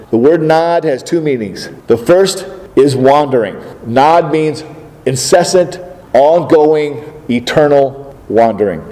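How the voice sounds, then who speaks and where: A man's voice: on the high side, dark tone, in a large hall, rough recording. A man preaching a sermon, asking the congregation rhetorical questions and acting out the voices of biblical figures.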